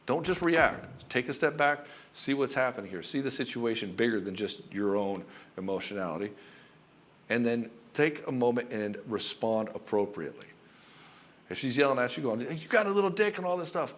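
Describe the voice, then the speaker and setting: Blunt, profane male relationship coach. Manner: blunt, profane and emphatic, repeating key points; swings between loud punchy bursts and low calm stretches. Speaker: relationship coach for married men. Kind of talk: direct-to-camera advice monologue.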